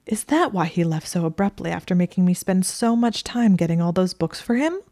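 A woman's voice: lowish voice, lively intonation, a little fast, dark tone, no echo, clean studio sound. A woman voicing a flustered, jealous young witch in a story reading. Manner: flustered, stammering.

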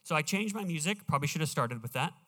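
A man preaching in a church sanctuary, his somewhat high voice carrying a long reverb tail through the hall. He talks earnestly and stretches out his scripture readings slowly and with weight. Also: lively intonation, bright, forceful tone. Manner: earnest, slows down to read scripture emphatically. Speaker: pastor. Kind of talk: sermon.

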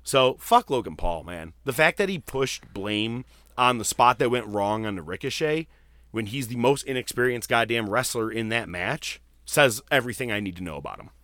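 A man hosting a casual wrestling podcast, telling stories in a profane, animated way. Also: mid-range voice, moderate pace, dry recording. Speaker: podcast host.

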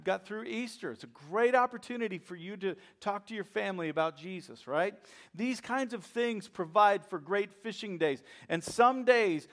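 A man preaching a sermon in a lively, conversational way, acting out little asides as he goes. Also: high-pitched. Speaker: chaplain and preacher.

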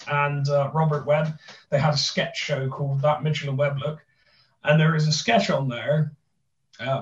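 A young man with a thick Bristolian accent, chatting casually as a podcast host, rambling with many restarts and fillers. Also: on the high side. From Bristol, England. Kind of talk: casual chat. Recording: roomy, distant, dull sound.

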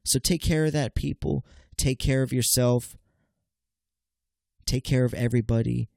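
A stuffed-up, nasal man in his late twenties rambles through a solo podcast, stammering and restarting and talking straight to his listeners. His voice sits at an ordinary middle pitch and sounds dry and close, with no room around it. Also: steady tone, measured pace, creaky, darkish tone, dry recording. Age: late 20s. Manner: rambling, stammering, keeps calling listeners "people". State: congested. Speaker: podcast host. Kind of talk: casual solo podcast monologue.

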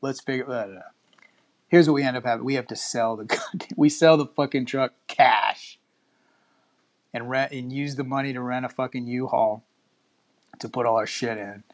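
A man in his thirties from Texas tells a long road-trip story in casual, profanity-laden chat. His delivery is loose and rambling, with sudden jumps into quoted voices, and his pitch sits in an ordinary middle range. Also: steady tone, normal speed, long pauses.

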